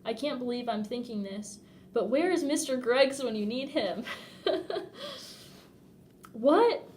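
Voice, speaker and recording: Casting: expressive female novel reader, slightly high voice, amused. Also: moderate pace, a little hiss or hum. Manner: expressive, often laughing at the text. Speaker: audiobook reader. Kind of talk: reading a novel aloud.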